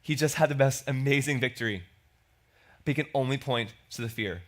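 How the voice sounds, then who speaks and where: A man's voice: mid-range voice, fairly quick. A man preaching a sermon as pastor, in a conversational way, acting out quoted lines. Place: church.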